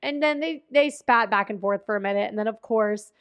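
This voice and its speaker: A woman's voice: mid-range voice, a little fast, clear, resonant tone. A woman in casual chat, recapping a movie scene by scene with fillers and acted-out quotes.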